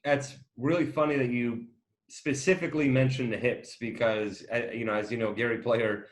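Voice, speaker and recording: A man's voice: mid-range voice, steady tone, normal speed. A man hosting an interview, asking long, wandering questions with many fillers in a friendly, casual way. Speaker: interview host, company co-founder.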